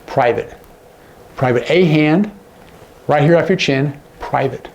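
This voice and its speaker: A man teaching sign language to camera, explaining each sign and often dropping to a hush on the example words. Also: on the high side, slow, lo-fi sound, a little hiss or hum.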